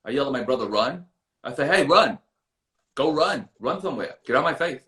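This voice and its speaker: A man's voice: medium pitch, animated, fairly quick, pushed and bright, reverberant. A man voicing a smug, laid-back male music mogul who lectures in a patronizing, rambling way. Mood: lecturing.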